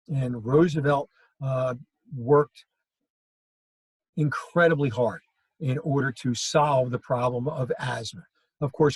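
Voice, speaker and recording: A man's voice: medium pitch, slightly rough, dry recording, rough recording. A male history teacher giving a classroom lecture, telling stories and acting out quoted lines. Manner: storytelling, acts out quoted lines.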